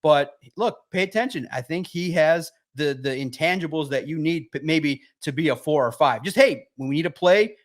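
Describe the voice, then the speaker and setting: Higher-pitched guy on a sports podcast, animated storytelling, swears a lot. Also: moderate pace, few pauses. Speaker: sports writer guest. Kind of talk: casual podcast chat.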